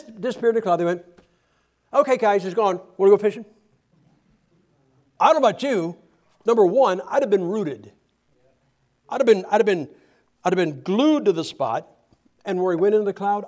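A male preacher with a notably high-pitched voice delivers a lively, joking sermon. He stumbles over his words and repeats himself as he reads from scripture. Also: fairly quick. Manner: animated, humorous, with frequent restarts.

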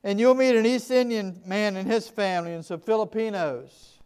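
Southern US male pastor, high smooth voice, earnest storyteller in a sermon. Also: moderate pace. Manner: earnest, emphatic, shifts from quiet to loud.

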